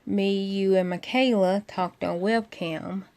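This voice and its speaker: A woman's voice: mid-range voice, steady tone, takes it slowly, a little mellow. A young woman, telling a friend a long story in a casual, rambling way, full of fillers and acted-out quotes. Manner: rambling, many fillers, acts out quoted voices.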